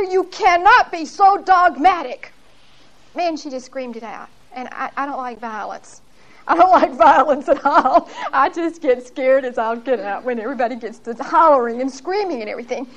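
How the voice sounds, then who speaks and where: A woman's voice: high-pitched, moderate pace, lo-fi sound. A woman giving a Bible lesson. She tells her stories in an emphatic, folksy way and often laughs as she talks. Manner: lively, laughs often while telling stories. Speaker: Bible teacher.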